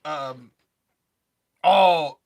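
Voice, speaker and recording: A man's voice: on the high side, very slow. A man, a comedian and impressionist, chatting on a podcast in a rambling, self-deprecating way with many restarts. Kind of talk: casual podcast chat.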